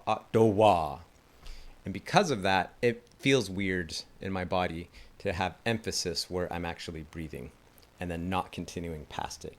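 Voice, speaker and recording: A man teaching a didgeridoo lesson in a casual, enthusiastic way, chatting and laughing at his own slips. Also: low voice. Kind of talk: casual instructional talk.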